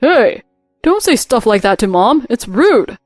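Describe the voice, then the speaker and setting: A woman voicing angry grown men of a family, a son and a father, in a narrated drama story, with a shouting, confrontational delivery. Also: on the high side, very animated, unhurried, dry recording, studio quality, faint music behind. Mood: furious.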